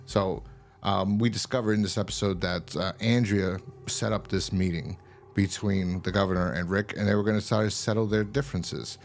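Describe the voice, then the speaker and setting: A man's voice: sits low, fairly even intonation, normal speed, slight background noise. A man hosting a show, casually recapping a TV episode in a loose, rambling way, full of fillers and swearing. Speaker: show host reviewing a TV episode.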